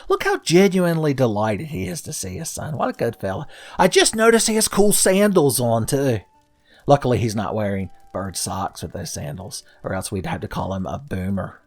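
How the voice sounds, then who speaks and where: This is a man in his thirties, a let's play host, giving casual gameplay commentary in a medium-pitched, sing-song voice at a moderate pace. He throws in jokey, sarcastic, profane asides while faint game music plays behind him.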